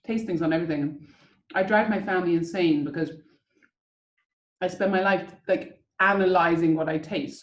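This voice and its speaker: A woman's voice: mid-range voice, a little mellow, echoey room, poor audio. Chatty woman hosting a tasting. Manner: chatty, enthusiastic, coaching listeners step by step. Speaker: whisky tasting host. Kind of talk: casual guided tasting on a video call. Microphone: video call.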